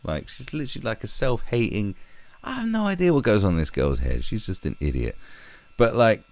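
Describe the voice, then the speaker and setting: Man, deep voice, lively swooping intonation, profane rant, stream commentary. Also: brisk. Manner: profane, animated ranting.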